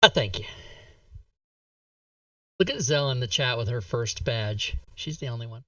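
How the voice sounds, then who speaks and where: A man's voice: medium pitch, lively intonation, measured pace, pushed and bright, no room sound, distant mic, highs cut off. A man hosting a streamed tabletop game, chatting and teasing his friends. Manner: laughing, teasing. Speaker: stream host and player. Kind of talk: casual tabletop game chat.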